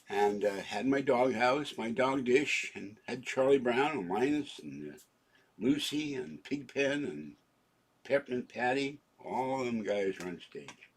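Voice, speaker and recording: A man's voice: medium pitch, animated, measured pace, a bit bright, husky. A man in his seventies rambling through a home vlog, joking and interrupting himself as he goes. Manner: rambling, jokey, self-interrupting. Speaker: channel owner.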